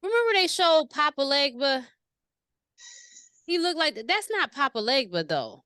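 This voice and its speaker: A woman with a bright, forceful voice and a slightly high pitch tells stories in an animated, slangy way. Her voice is recorded dry and close, with no room sound. She is chatting casually in an interview. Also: moderate pace, no room sound. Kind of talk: casual conversation.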